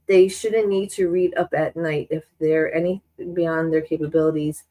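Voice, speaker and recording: Woman, sewing-stream host: rambling, chatty, restarts a lot, a bit low, stuffy from a cold. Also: steady tone, moderate pace, mellow, poor audio. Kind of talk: casual chat while sewing on a live stream.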